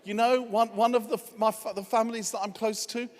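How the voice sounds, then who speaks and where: A man's voice: high voice, flat delivery, brisk, long reverb tail. A man preaching a sermon as a guest speaker, telling a humorous story that turns earnest. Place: church hall.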